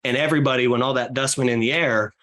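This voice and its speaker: Energetic man talking shop on a podcast. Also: mid-range voice. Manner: fast, energetic, acts out client dialogue. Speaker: real estate team leader guest. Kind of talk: podcast interview talk.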